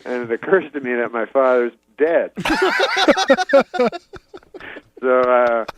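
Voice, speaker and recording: A male comedian guest telling a meandering story in a relaxed, chuckling way. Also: medium pitch, slow, noisy background. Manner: meandering, laid-back, chuckling asides. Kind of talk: rambling storytelling. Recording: dull lo-fi audio.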